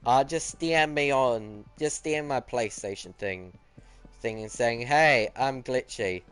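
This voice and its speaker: A man's voice: mid-range voice, measured pace, smooth. Chatty teenage boy streaming, faint music. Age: teens. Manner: chatty, answers viewer chat, teasing. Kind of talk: casual chat while gaming.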